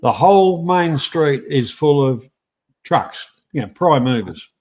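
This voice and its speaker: A man's voice: a little high, expressive, takes it slowly, a little mellow, breathy edge. A man hosting a casual chat, laid-back, often stumbling and repeating words. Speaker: host.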